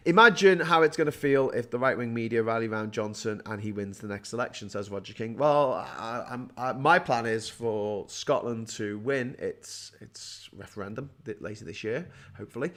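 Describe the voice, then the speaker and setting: A man in his forties delivering an angry political rant. He is sarcastic and swears freely, with quick bursts of talk that trip over restarts and repeated words. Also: lowish voice, a bit bright. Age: 40s. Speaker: host. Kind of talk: ranting political commentary.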